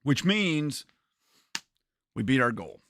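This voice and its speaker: A man's voice: medium pitch, takes it slowly, dry recording. Male gaming streamer, casual chat, dry close sound, repeats himself, laughs a lot. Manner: animated, repeats words and laughs often. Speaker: gaming livestreamer.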